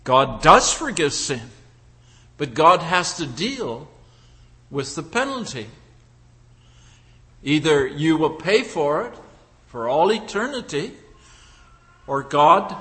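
A man preaching a sermon, building his points through deliberate rhetorical questions. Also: a little high, bright, forceful tone, in a large hall.

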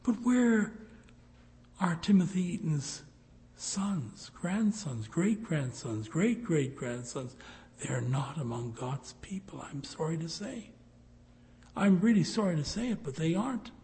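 Slow, earnest male preacher, pleading sermon, long hall echo. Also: fairly high pitch, expressive. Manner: pleading, rising to loud appeals.

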